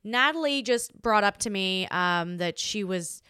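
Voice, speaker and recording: Chatty woman telling a story, smooth voice. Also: medium pitch, a little slow, no echo, clean studio sound. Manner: chatty, animated, acts out quoted voices. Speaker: podcast host. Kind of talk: casual storytelling monologue.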